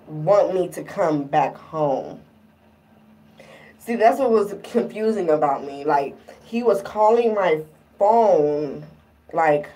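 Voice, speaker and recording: A young woman telling a breakup story to camera in a loose, animated way, swearing as she acts out both sides of each argument. Her voice sits a little low, and she sounds somewhat far from the microphone. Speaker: vlogger. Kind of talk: casual storytelling vlog.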